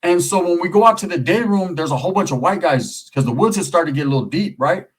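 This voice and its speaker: Middle-aged Californian man, streetwise storyteller, husky and slightly high. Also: fast talker, rough recording. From Merced area, California. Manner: streetwise slang, profane, animated. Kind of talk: casual storytelling.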